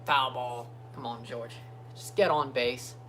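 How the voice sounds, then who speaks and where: Male stream host, mid-pitched, rambling live reactions with loud cheering bursts, over a faint background hum. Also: slow. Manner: excitable, chants and cheers at players. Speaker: livestream host. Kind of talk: casual watchalong commentary. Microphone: phone streaming app.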